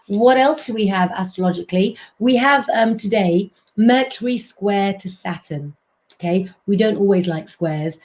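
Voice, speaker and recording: Lady reading tarot on a live stream, chatty, keeps saying guys, warm relaxed voice. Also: mid-range voice, moderate pace. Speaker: astrologer and tarot reader hosting a live stream.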